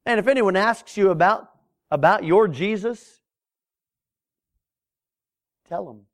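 A middle-aged man preaching as a Baptist pastor, his voice swelling and dropping with drawn-out emphasis. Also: high-pitched. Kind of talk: sermon.

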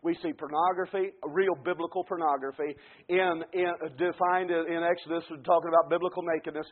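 A man preaching a fervent sermon, dropping to quiet asides and then building to shouted climaxes. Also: a little high, fairly even intonation, fairly quick. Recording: tinny phone-like radio broadcast.

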